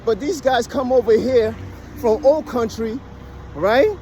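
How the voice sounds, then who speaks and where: An American vlogger with a very high, slightly mellow voice talks unhurriedly to the camera in a casual, emphatic monologue, with a little hiss or hum. He keeps asking "right?" as he lectures, questioning and persuading his viewers.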